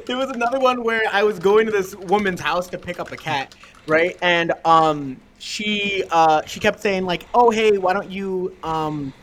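A young man with a high, bright, forceful voice tells stories in an easygoing chat. He is animated and laughs often. He switches into the voices of the people he quotes. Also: a little slow, slight background noise. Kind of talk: casual storytelling.

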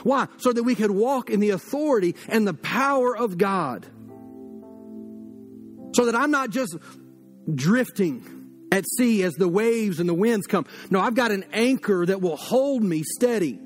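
A man's voice: high-pitched, animated, measured pace, soft background music. A man preaching a sermon as pastor, fiery and direct, talking to the congregation as if across a table.

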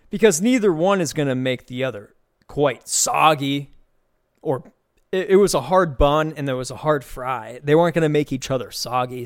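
A man's voice: fairly high pitch, no echo, clean studio sound. A man hosting a casual solo podcast, rambling through loose, profane, amused stories and opinions. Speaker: podcast host.

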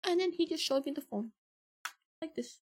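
A woman's voice: high-pitched, animated, quick pace. A woman in her early twenties, a podcast host telling stories in a blunt, casual way with heavy swearing. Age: early 20s. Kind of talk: casual storytelling.

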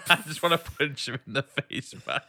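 A man's voice: fairly high pitch, moderate pace, sharp tone. A man, hosting a casual podcast quiz in a joking, teasing way. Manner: joking, teasing, reads quiz quotes aloud. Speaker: podcast host running a quiz. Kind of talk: casual chat.

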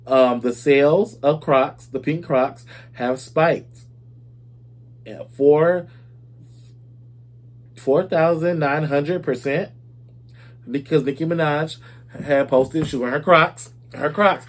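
A man's voice: a little high, takes it slowly, long pauses. A man hosting a casual celebrity gossip talk, chatty and informal, calling his listeners "y'all" and "baby".

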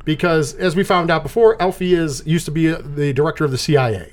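A man co-hosting a podcast, recapping a movie plot in casual chat, animated and swearing freely. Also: on the high side, quick pace. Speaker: podcast co-host.

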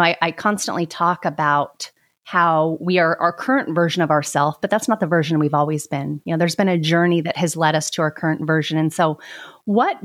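A woman's voice: on the low side, dry recording, clean studio sound. A woman hosting an interview show, giving a polished, emphatic introduction and asking questions. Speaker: podcast host.

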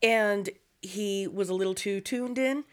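A woman's voice: mid-range voice, a little slow, crowd noise. A woman telling a story in casual chat, swearing a lot and acting out the voices of the people in it. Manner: profane, animated storytelling; acts out quoted voices.

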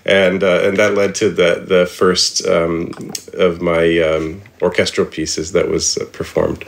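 Low-voiced man, hesitant interview answers. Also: flat delivery, measured pace, vocal fry. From Indianapolis. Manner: hesitant, many ums and restarts. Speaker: psychiatrist and composer guest. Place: home office.

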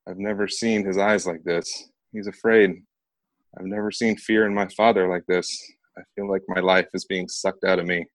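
A man's voice: deep voice, steady tone, moderate pace, no room sound, close to an everyday voice. A man voicing a terrified young woman pleading. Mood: frightened.

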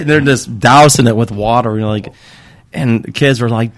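A middle-aged father on a casual podcast, telling stories animatedly, swearing and loudly acting out what people said. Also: fairly high pitch, moderate pace. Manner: animated, swearing storyteller who acts out quotes loudly. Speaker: guest father. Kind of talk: casual storytelling chat.

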